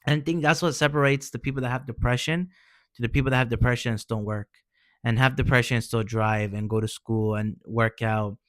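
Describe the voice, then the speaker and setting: Here a man talks a little fast in a steady mid-range voice, recorded cleanly in a studio without echo. Casual and earnest, he shares advice from his own life as a vlogger, encouraging the listener and calling him man or bro along the way.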